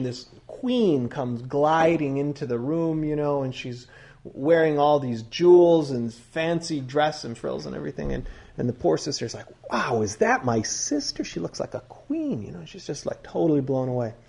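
Husky, mellow-voiced male teacher. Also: on the high side. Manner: conversational, digressive, quizzes listeners. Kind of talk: conversational sermon teaching.

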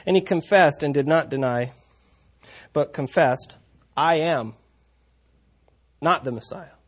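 Taking his time in a slightly high voice, a man teaches a Bible passage conversationally. He reads verses out loud and frequently stops to correct himself.

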